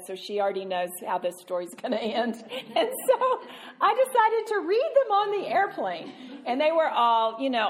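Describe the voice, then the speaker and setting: A woman Christian speaker telling a self-mocking story, animated and laughing often. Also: fairly high pitch. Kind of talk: storytelling talk.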